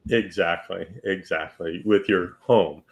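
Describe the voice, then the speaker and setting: A middle-aged man hosting an interview, telling a real estate anecdote in a casual, lively way and acting out the people in it. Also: low-pitched, unhurried, creaky. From Northern California. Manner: animated anecdote teller, acts out quoted voices.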